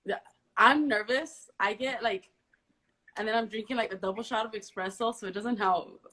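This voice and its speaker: A woman's voice: medium pitch, normal speed, pushed and bright. A young woman hosting a live stream, chatty and openly nervous, reading out viewer comments and laughing between them. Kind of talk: casual live-stream chat. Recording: roomy echo, faint music.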